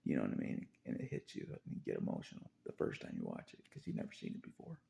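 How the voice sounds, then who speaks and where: A man's voice: extremely low pitch, wildly swooping pitch, fast, creaky, mellow. A man talking in a rambling, confessional monologue, repeating phrases and chuckling between thoughts.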